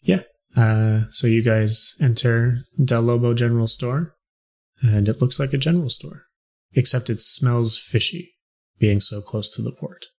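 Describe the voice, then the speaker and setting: A man's voice: medium pitch, fairly even intonation, measured pace. Laid-back male game master. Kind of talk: narrating a tabletop game.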